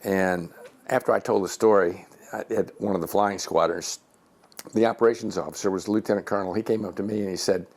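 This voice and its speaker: A gravelly-voiced man in his seventies spins a tale at home, his low, creaky tone dropping in and out of the voices of the people he quotes. He tells it as a lively retired officer reliving old adventures. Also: fast talker. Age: 70s. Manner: animated storyteller who acts out quoted voices. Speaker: retired Air Force general. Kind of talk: telling personal anecdotes.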